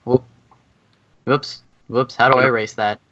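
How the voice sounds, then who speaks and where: A man's voice: medium pitch, flat delivery, measured pace, pushed and bright, highs cut off. A man playing a tabletop game, talking casually and asking questions about his moves. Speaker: player.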